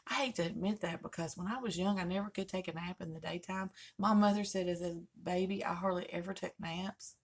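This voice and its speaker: A woman's voice: fairly low pitch, steady tone, fairly quick, hardly any pauses. An older woman, hosting a home vlog and telling folksy, joking stories in casual chat. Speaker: vlogger host.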